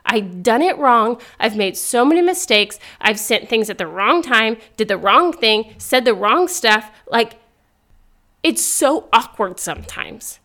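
Young female podcast host, faith talk, upbeat and earnest, slightly high voice. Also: measured pace. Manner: earnest, upbeat, laughs often, excitable rises.

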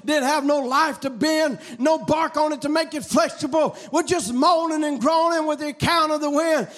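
A man preaching a fiery revival sermon, shouting in a chanting cadence. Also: very high-pitched, steady tone, normal speed, few pauses.

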